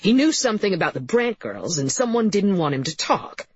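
A woman's voice: medium pitch, very animated, a little fast, breathy edge, no room sound. A woman voicing a blunt, hard-nosed male investigator pressing for answers. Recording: slightly muffled recording.

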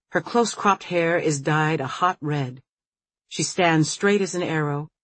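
A woman narrating a novel in the first person with measured, observant storytelling. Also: low voice, husky, no echo. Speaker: audiobook narrator.

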